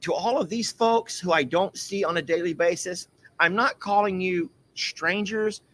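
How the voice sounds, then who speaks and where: A man's voice: high-pitched, normal speed, fairly bright tone. A man hosting a casual livestream outdoors on a farm, chatty and teasing. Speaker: livestream host.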